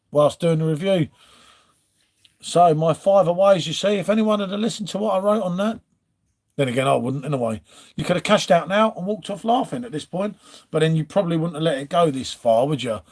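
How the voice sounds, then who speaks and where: A man's voice: on the high side, a little fast, long pauses, a little mellow. A man from England hosting a casual live stream from home, rambling and chatting to viewers as he reads out their comments. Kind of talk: casual chat.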